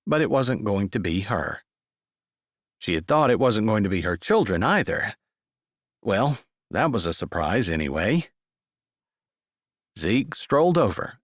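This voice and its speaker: A man narrating a sweet romance audiobook in a scripted, expressive reading. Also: mid-range voice, no echo, clean studio sound.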